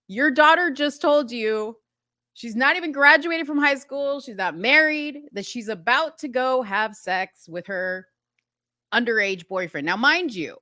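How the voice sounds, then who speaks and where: A woman's voice: high voice, animated, a little slow, pushed and bright, no echo, clean studio sound. A woman hosting a talk show, giving indignant, incredulous commentary on a TV episode with laughing asides. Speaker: host.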